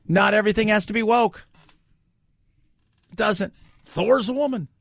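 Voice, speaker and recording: A male talk radio host riffs in a chatty, joking way. His voice sits high and has a gravelly edge, caught close on a dry studio mic. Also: unhurried, fairly bright tone, dry recording. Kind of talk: casual opinionated talk radio.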